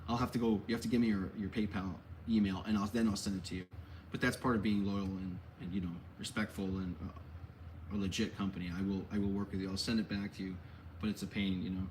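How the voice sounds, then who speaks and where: A man's voice: low-pitched, flat delivery, fast talker, a little mellow, a little hiss or hum. A man hosting a casual Q&A for his collectibles shop, rambling and correcting himself as he goes, with easygoing slang. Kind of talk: casual livestream Q&A.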